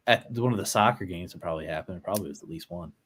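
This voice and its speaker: A man's voice: low-pitched, quick pace, a bit bright, breathy edge. A young man co-hosting a casual sports podcast, playful and a bit boastful. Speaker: co-host.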